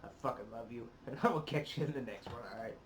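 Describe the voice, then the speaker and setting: A man hosting a casual reaction video, choked up and emotional, talking haltingly between heavy sighing exhales and swearing. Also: mid-range voice, a little hiss or hum. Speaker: YouTube reaction host. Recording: roomy echo.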